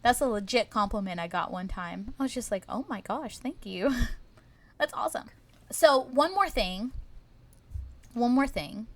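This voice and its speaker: A woman's voice: a little high, expressive, moderate pace, long pauses, fairly bright tone. Chatty woman with faint Southern lilt. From American South. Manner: chatty, laughs often, trails off with fillers. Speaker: podcast co-host. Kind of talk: casual chat.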